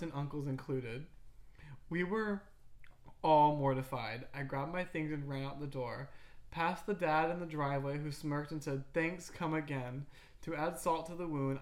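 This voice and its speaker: A woman co-hosting a casual chat show, reading out listener stories with giggles and stumbling restarts. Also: low voice. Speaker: podcast co-host.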